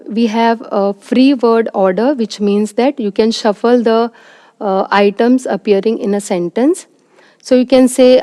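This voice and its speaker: A woman's voice: a little high, warm tone, no echo. A woman lecturer, giving a recorded lecture and explaining each point step by step with examples. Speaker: university lecturer.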